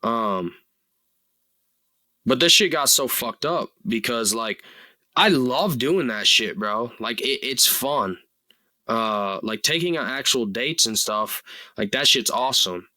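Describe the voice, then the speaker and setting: A young man in his twenties talks through a solo podcast in a loose, rambling way, leaning on fillers and dropping swear words. His tone is very bright and sharp-edged. The sound is dry and close, with no room echo. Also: medium pitch, expressive, slow. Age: 20s. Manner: earnest and rambling, full of "like" and "you know", casual swearing. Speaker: podcast host. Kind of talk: casual solo podcast monologue.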